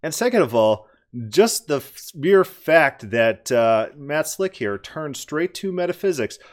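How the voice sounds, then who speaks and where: A man's voice: fairly high pitch, sing-song, a little slow. A man giving critical commentary on a debate clip, emphatic and argumentative, repeating words for stress.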